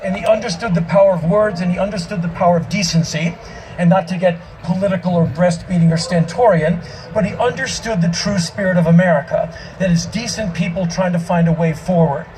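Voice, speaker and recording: A man giving an emphatic spoken-word monologue to a live audience on an outdoor festival stage, his delivery breaking into shouts. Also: sits high, fairly quick, background noise.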